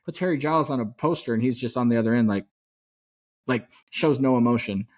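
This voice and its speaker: A man co-hosting a podcast, chatting about sports as an excited, rambling fan with some mild swearing. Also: medium pitch, a little fast. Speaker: podcast co-host. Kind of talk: casual sports chat.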